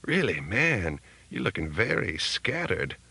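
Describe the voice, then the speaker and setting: A man voicing an artificial intelligence that speaks through a languid pimp, in a slow, drawling, teasing way. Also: low-pitched, big pitch swings, gravelly, pushed and bright, husky, exaggerated voice. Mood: mocking drawl.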